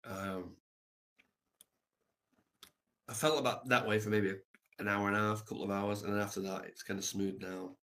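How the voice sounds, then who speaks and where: Man, livestreamer, casual monologue, reflective, loose and rambling, lower pitch. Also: little pitch movement, fairly quick, a bit bright. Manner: reflective, swears casually, many fillers.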